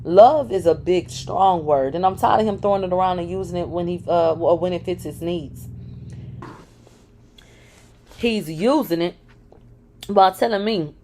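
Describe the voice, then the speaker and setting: A woman's voice: lowish voice, moderate pace, dark tone, slight background noise. A woman reading a first-person memoir aloud, candid, and breaking in with sarcastic asides. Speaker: reader of a memoir.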